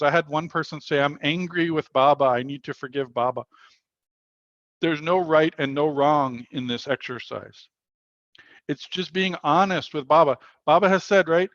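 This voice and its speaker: A man's voice: on the high side, a bit bright, dry recording, muffled recording. A man leading a spiritual workshop over a video call, telling a story earnestly and quoting the people in it. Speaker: workshop leader.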